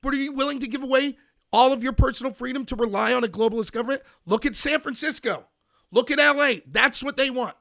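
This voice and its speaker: A man's voice: very high voice, quick pace, creaky, pushed and bright. An American man hosting a political commentary show, ranting emphatically and answering his chat. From United States. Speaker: podcast host.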